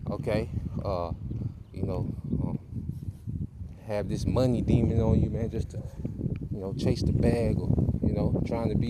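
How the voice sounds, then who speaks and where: A man giving an informal sermon to a group of brothers, tagging his points with "man" and "okay?". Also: on the low side. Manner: casual preaching, tags lines with "man" and "okay". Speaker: teacher of a Bible study group. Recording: loud background noise.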